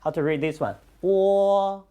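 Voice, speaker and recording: A Chinese language teacher, a native Chinese speaker, teaching a class in English with steady praise and repetition. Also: mid-range voice, heavy background noise. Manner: slow, encouraging, repeats lots of praise. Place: classroom with students.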